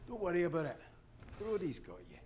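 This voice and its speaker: An actor voicing a wry Scottish oil rig electrician with a cheeky, sweary way of talking. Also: male voice, high-pitched, huge pitch swings, a little fast, a little mellow, slight background noise. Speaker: game character, electrician.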